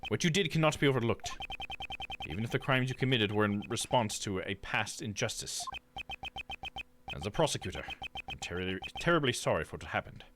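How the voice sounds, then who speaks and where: A man voicing a stern, proud male prosecutor, lowered and measured, dubbing game dialogue live. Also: expressive, noisy background, close to an everyday voice. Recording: game music behind.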